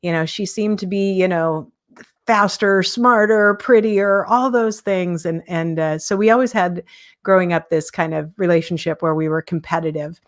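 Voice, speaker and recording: A woman's voice: fairly low pitch, moderate pace. Candid middle-aged woman talking live. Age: 50s. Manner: candid, self-deprecating, chuckles often. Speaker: podcast host. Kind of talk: casual live-stream monologue.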